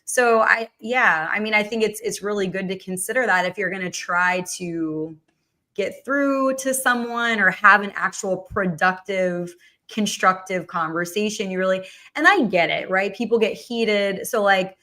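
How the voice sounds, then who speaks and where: Bright-voiced woman talk show host. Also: medium pitch, a little slow. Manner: chatty, many fillers and restarts. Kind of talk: casual political chat.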